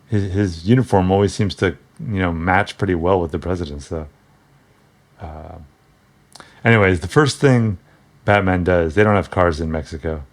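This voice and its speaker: A man with a deep, low-pitched voice talks through an old comic book in a loose, offhand way. He jokes and chuckles as he goes, stopping often on ums and correcting himself mid-sentence. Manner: rambling, joking, chuckles often; hesitant, frequent ums and self-corrections. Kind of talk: casual comic book commentary.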